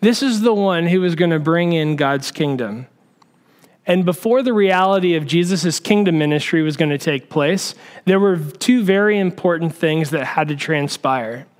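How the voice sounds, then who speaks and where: High, smooth-voiced male preacher. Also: lively intonation, moderate pace. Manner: conversational storytelling preacher. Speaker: pastor. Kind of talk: sermon.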